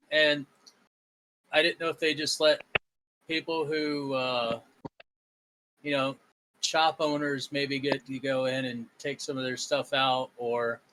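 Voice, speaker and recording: A man's voice: a little high, pushed and bright, slight background noise, rough recording. A man playing a tabletop role-playing game, talking in an unsure, rambling way with many restarts. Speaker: player.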